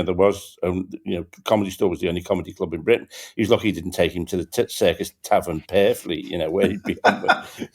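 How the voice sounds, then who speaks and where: An older man, a comedian hosting a podcast, telling rambling anecdotes with lots of halting restarts and fillers. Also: lowish voice, darkish tone. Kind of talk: casual anecdotal chat.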